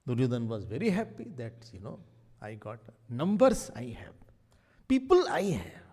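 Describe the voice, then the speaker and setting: A man with an Indian English accent giving a spiritual talk as a swami, telling stories with lively voices, sudden loud exclamations and soft asides. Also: mid-range voice, moderate pace. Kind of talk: sermon-style discourse with stories. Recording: long hall reverb.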